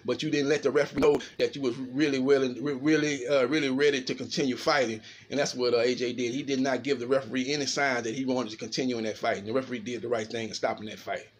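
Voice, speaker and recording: A middle-aged man giving casual, animated boxing analysis, talking fast and tagging his sentences with "man". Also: medium pitch, a little hiss or hum. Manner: fast, animated, filler-heavy talk with repeated "man". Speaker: boxing commentator.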